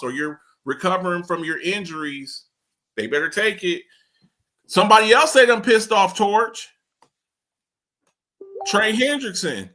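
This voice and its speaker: A man hosting a sports podcast, talking in an animated, rambling way, repeating himself and swearing casually. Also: sits high. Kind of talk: casual sports talk commentary.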